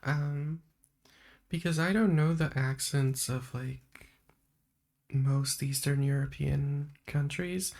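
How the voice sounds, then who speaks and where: A woman hosting a live stream in a soft-spoken ASMR chat style, talking in a meandering way and laughing often. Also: extremely low pitch. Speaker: livestream host. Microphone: streaming microphone.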